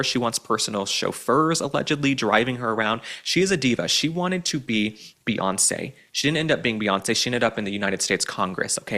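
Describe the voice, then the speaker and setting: A man's voice: medium pitch, fairly bright tone. A man from Dallas hosting a political commentary show, delivering an opinionated monologue in a sarcastic, theatrical way with frequent asides. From Dallas, Texas.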